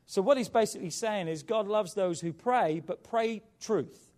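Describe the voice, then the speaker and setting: A man preaching a sermon as pastor, with emphatic rises and quiet drops. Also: high voice, normal speed.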